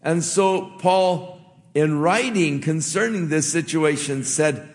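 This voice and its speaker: A man preaching a sermon as a pastor, in a gentle, conversational way with earnest pauses. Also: on the high side, long reverb tail.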